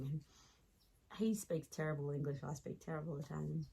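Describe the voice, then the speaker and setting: An Australian woman in her late thirties tells a story in a podcast interview, animated and quick to laugh. Her voice sits low and carries a husky, breathy edge. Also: low-quality recording. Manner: lively anecdotal storyteller who laughs as she talks. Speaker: podcast guest.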